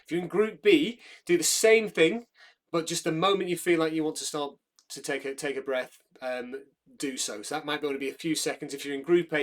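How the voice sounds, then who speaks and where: A man guides a group through a breathing exercise, giving steady step-by-step instructions and counting them down. He talks at a middling pitch and often pauses to correct himself. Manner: calm step-by-step instruction with fillers and self-corrections.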